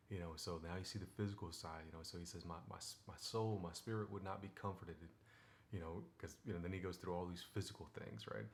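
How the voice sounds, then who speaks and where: A man with a very low voice talks through a scripture passage in a relaxed, chatty devotional style. He reads the verses slowly and fills his explanations with easy filler phrases. A faint hum of background noise sits under the recording. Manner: conversational, many "you know"s, reads verses slowly. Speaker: Bible teacher. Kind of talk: casual devotional talk.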